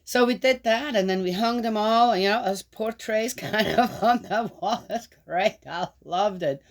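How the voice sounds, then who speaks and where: An older woman, a grandmother, hosting a chat that rambles with many fillers and then reading the Psalms aloud at a steady pace. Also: mid-range voice. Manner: steady, measured reading of scripture. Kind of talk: casual chat and scripture reading.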